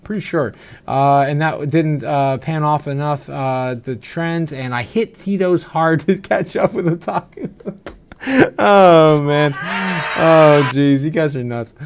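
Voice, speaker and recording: A crypto livestream host with a higher-than-average voice speaks slowly amid slight background noise. Sounding a little tipsy and slightly slurred, he reads viewer comments in loose, casual chat full of "uh" fillers and frequent laughter.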